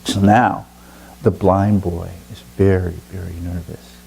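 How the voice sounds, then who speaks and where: A man telling a folk tale aloud with slow, drawn-out, dramatic pauses. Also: sits low, little pitch movement, creaky, a little mellow, slight background noise, low-quality recording. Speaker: storyteller. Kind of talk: oral storytelling.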